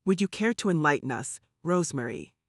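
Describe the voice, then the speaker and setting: A man voicing a poised, authoritative woman council leader who speaks in a cold, measured way in an audiobook reading. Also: low voice, lively intonation, dry recording, clean studio sound. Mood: stern.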